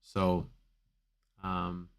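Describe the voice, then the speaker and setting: A man's voice: sits low, completely flat delivery, extremely slow, creaky. A man coaching on back pain in a live Q&A stream, talking casually with many fillers and repeated phrases for emphasis.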